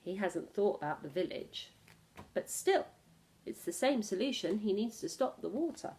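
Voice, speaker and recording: Animated woman reading a children's story. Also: medium pitch, normal speed. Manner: animated, asks listeners questions. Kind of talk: reading a picture book aloud.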